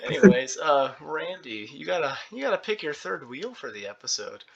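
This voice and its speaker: A man's voice: fairly high pitch, normal speed, creaky, lo-fi sound, a crowd in the background. A young man hosting a podcast, telling stories in a casual chat and laughing often. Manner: animated storyteller, laughs often. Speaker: podcast host.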